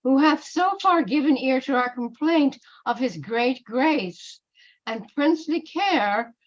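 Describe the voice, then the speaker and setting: A woman reading the part of a scheming male bishop in an amateur Shakespeare reading, with slow, deliberate verse delivery. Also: high voice, muffled recording. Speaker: reader in a play reading.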